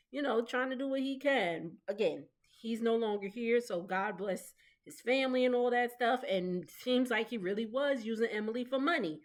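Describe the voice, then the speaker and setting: Chatty woman in her thirties. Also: medium pitch. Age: 30s. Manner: chatty and gossipy, laughs often, mimics the cast. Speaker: recap vlogger. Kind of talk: casual reality TV recap.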